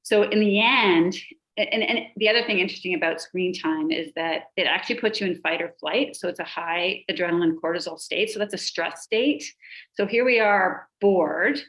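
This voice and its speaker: A middle-aged woman, a pediatrician and life coach, explaining emotions on a podcast and listing examples in a steady rhythm. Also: on the low side, moderate pace, rough recording.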